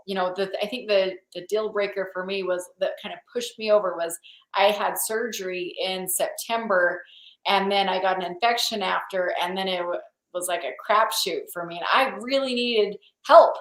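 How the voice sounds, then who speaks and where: A woman's voice: mid-range voice, normal speed, a bit bright, reverberant, rough recording. A woman hosting a video call, chatting casually and with enthusiasm. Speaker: host.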